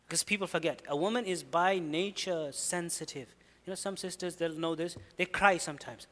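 A man giving an earnest religious lecture, explaining his points and reciting Arabic scripture quickly between them. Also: high voice, sharp tone, in a large hall. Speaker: Islamic preacher.

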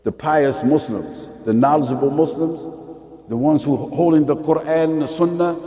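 A man's voice: moderate pace, a crowd in the background. Preaching man in a reverberant hall. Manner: preachy, repeats "right or wrong?", swings from low mutters to shouts. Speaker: Muslim preacher. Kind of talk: televised sermon.

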